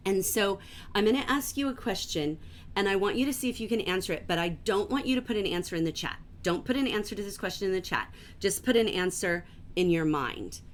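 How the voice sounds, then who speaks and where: A woman teaching a livestreamed literature class from home, enthusiastic and gently emphatic, reading passages aloud slowly. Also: fairly low pitch, slight background noise.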